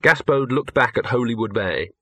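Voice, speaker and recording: A male narrator reads an audiobook in a measured, understated storytelling manner. His voice is husky and of middling pitch, recorded dry and close. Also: lively intonation, fairly bright tone, no room sound. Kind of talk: audiobook narration from tape sides.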